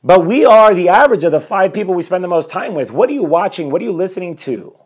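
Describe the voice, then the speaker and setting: Quick-paced and expressive, this man's high voice carries a slight roughness. He's a forties-aged life coach hosting a motivational live stream at home, rambling a bit as he energetically preaches self-improvement and greets people coming in.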